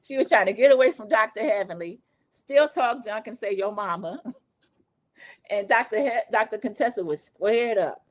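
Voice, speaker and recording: A woman in her forties hosting a casual livestream recap, gossipy and animated, talking straight to her viewers. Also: a little high, normal speed. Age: 40s. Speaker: show recap host.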